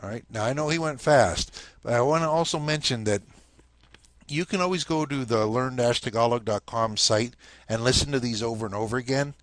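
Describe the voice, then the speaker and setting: A man's voice: medium pitch, fairly quick, a bit bright, no echo. A man teaching a language lesson in a casual spoken style, explaining step by step and checking in often with "okay?".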